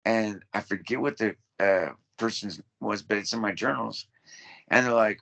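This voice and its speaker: A man's voice: lowish voice, normal speed, gravelly, pushed and bright. A man in his thirties telling his story as a podcast guest, blunt and full of swearing. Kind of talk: casual interview.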